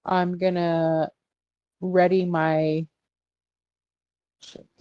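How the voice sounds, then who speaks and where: A woman playing a tabletop game, thinking out loud with hesitant pauses. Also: fairly low pitch, flat delivery, smooth, no echo, highs cut off. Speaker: player.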